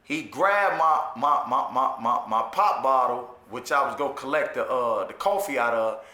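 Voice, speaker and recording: A man's voice: medium pitch, normal speed. A man casually retelling a personal story, using profane street slang and often asking "you know what I'm saying". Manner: animated retelling with restarts and repetitions. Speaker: storyteller recounting his jail time. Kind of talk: casual spoken storytelling monologue. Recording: echoey room.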